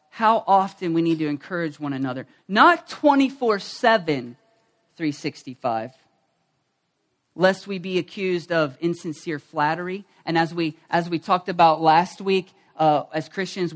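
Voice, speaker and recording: A pastor preaching a lively sermon in a church service. The delivery is energetic, with key phrases repeated and call-and-response lines for the congregation to echo. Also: mid-range voice, moderate pace.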